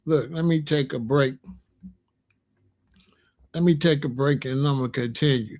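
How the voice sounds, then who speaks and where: Speaking at a normal speed with frequent pauses, this male host has a slightly high, somewhat mellow voice. His casual monologue wanders loosely, and he laughs along with his own jokes.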